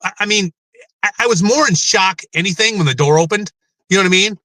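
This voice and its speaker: A man's voice: high voice, fast talker, sharp tone, no echo. A middle-aged man speaking as a guest in a candid interview, rambling, emotional and swearing freely.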